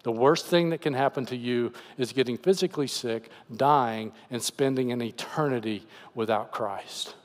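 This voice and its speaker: A man's voice: mid-range voice, moderate pace, hardly any pauses, long reverb tail. A man preaching as pastor, earnestly explaining scripture in a conversational voice. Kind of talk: sermon. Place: church sanctuary.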